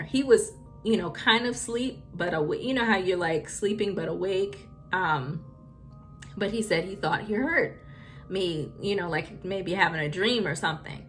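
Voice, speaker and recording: A woman's voice: lowish voice, normal speed. Young woman telling a spooky story. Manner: emotional, filler-heavy retelling. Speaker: vlogger. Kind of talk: personal storytime. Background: faint spooky music.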